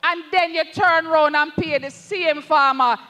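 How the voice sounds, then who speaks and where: A parliamentary candidate with a Jamaican accent gives an impassioned political rally speech, slow and emphatic, repeatedly turning to address the party leader. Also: high-pitched, fairly even intonation, bright, forceful tone, in a large hall.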